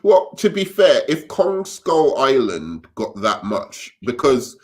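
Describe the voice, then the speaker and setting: A man's voice: medium pitch, sing-song, takes it slowly. A man joining a casual live stream as guest co-host, speaking hesitantly and often stumbling and restarting.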